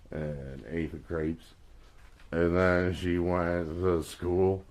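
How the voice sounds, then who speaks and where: Very deep-voiced drunk man rambling. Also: fairly even intonation, slow pace, darkish tone. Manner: crude, swearing, slurred rambling. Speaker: livestreamer. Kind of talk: rambling casual chat.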